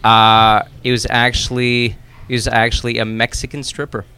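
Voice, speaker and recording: A man's voice: medium pitch, normal speed, very noisy. A man chatting casually as a podcast host, telling a story with frequent laughter and restarts. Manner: animated storyteller, laughs often, many restarts. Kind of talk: casual chat.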